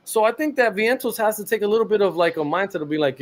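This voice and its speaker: A man's voice: high-pitched, lively intonation, fast, hardly any pauses. A man, co-hosting a sports podcast and delivering a blunt, profane rant about a ballplayer. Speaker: podcast co-host.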